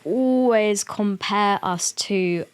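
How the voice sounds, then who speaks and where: A woman's voice: medium pitch, extremely slow, smooth. A young woman, a podcast guest, chatting casually, laughing often and swearing freely as she acts out her mother in quotes.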